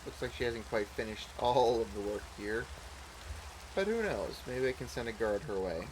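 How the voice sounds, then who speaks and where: A man's voice: medium pitch, animated, moderate pace, noisy background. A man giving casual, rambling gameplay commentary as a let's play host, thinking aloud as he goes.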